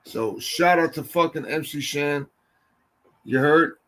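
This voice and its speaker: A man hosting a podcast in casual chat, loud, boisterous and profane. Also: on the high side, takes it slowly, poor audio. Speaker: podcast host.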